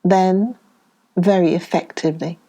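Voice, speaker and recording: A woman from the United Kingdom reading a novel aloud as an audiobook narrator, in a slow, measured way, voicing the dialogue. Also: lowish voice, steady tone, mellow. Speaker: audiobook reader. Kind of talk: scripted narration.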